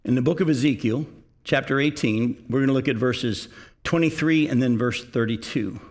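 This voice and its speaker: A man's voice: medium pitch, normal speed. A middle-aged male pastor preaching a sermon, earnest and direct, often putting questions to his congregation.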